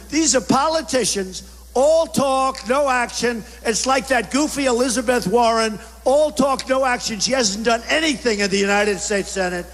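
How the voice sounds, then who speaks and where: Man with a high, booming rally voice. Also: fairly bright tone. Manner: punchy, repetitive short phrases, bombastic. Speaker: political speaker at a rally. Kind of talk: campaign rally speech. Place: large indoor rally venue. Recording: echoey hall with faint crowd noise.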